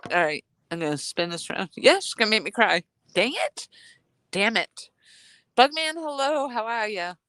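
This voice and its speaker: A woman with a fairly high, very animated voice live-streams her fishing vlog from a cold dock, phone at arm's length. She talks at a moderate pace with a slightly bright tone, sniffling and rambling as she greets viewers, in a dry recording.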